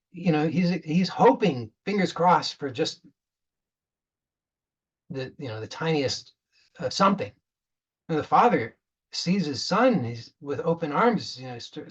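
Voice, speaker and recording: A man's voice: on the high side, slightly rough, lo-fi sound. A man giving a spiritual talk as a coach, earnest, often repeating words and restarting as he retells a parable.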